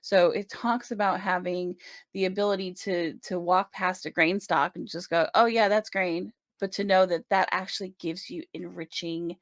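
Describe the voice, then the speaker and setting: Woman tarot reader, lower register, gravelly edge, chatty and reassuring, dry close sound. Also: fairly even intonation, normal speed, dry recording. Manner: chatty, reassuring, many "right?" check-ins. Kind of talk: casual tarot reading to camera.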